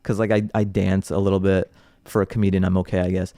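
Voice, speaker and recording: A man's voice: low voice, fast, no echo, studio quality. A man who is a comedian guest, telling stories in casual podcast chat and laughing often. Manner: animated storyteller, laughs often.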